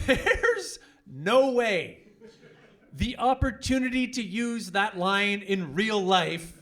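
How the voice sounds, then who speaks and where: Animated forties comedian on a club stage. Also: male voice, high voice, slow. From French-speaking Canada. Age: 40s. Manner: animated, jumps into loud put-on voices for punchlines. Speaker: stand-up comedian. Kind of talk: stand-up comedy set.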